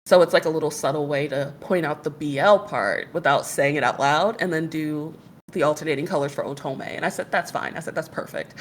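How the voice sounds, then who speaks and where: A woman's voice: low-pitched, a little fast. A woman in her thirties, a podcast guest and streamer, chatting casually and telling stories, acting out the other people's lines as she goes. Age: 30s. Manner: animated storyteller who acts out quoted dialogue. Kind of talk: casual chat.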